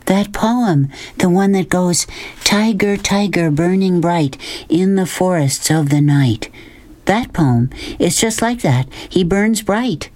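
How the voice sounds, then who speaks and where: A woman's voice: fairly low pitch, takes it slowly, darkish tone, no echo, pitched above the performer's own voice. A woman reading aloud, voicing a bold, stubborn young girl who is fierce and demanding. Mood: awed.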